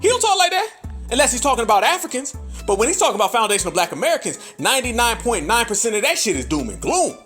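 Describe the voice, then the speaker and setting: A man's voice: very high-pitched, very animated, fairly bright tone, soft background music. A man hosting a podcast, delivering an emphatic commentary monologue with a preacher-like cadence and frequent profanity. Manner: mimics other voices in quick asides. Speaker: podcast host.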